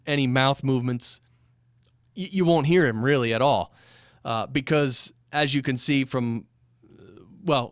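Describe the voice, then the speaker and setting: Brief: studio owner, male, mid-pitched, smooth, clear voice, dry close sound, casual rambling teacher. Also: no echo. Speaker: recording studio owner teaching mic technique. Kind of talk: casual instructional talk to camera. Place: small recording studio. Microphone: studio microphone at a few inches, sometimes pulled far off.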